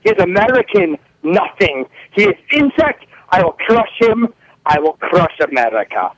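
A prank caller on a phone line plays a boastful Italian team boss, making gloating threats in broken English with a put-on Italian accent. His voice is high, and his pitch swoops wildly as he speaks in an unhurried way. It's a full character voice with no echo.

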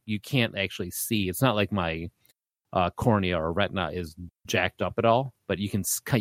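A podcast co-host with a low-sitting voice, captured on a dry recording, tells a story during casual chat. He acts out the voices of the people he quotes.

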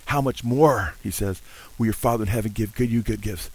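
A man's voice: lowish voice, brisk, slightly rough, poor audio. An older man preaching a sermon, earnest and full of amens, now and then singing hymn lines. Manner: earnest, warm-hearted preaching with frequent amens; sings hymn lines between teaching. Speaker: pastor.

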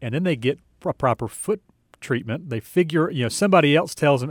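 A man co-hosts a radio show with a playful, teasing manner. His pitch swings widely as he talks. He sounds close and dry in the studio. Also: lively intonation, fast talker, slightly rough, dry recording. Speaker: radio co-host. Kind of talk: casual radio talk show.

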